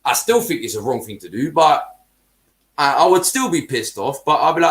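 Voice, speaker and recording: A man's voice: on the high side, expressive, moderate pace. A man hosting a football podcast, ranting heatedly in casual chat, swearing and using heavy street slang.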